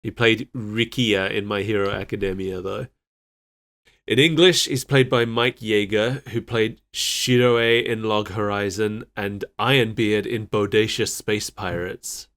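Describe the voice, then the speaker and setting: A man's voice: fairly low pitch, fairly even intonation, a little slow, fairly bright tone. A man co-hosting a casual podcast chat, laughing often as he rattles off cast trivia. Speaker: podcast co-host.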